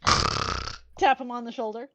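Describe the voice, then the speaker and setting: A woman's voice: high voice, lively intonation, moderate pace. A woman player in a tabletop role-play, giggly and hesitant, recorded on a dull, dry mic.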